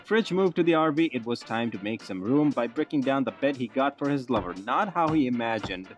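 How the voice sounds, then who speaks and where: A man's voice: mid-range voice, animated, brisk. Young guy doing snarky sweary gameplay commentary, medium voice, bit of music in the back. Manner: sarcastic, profane, pun-loving. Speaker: gaming YouTuber. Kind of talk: comedic game commentary voice-over.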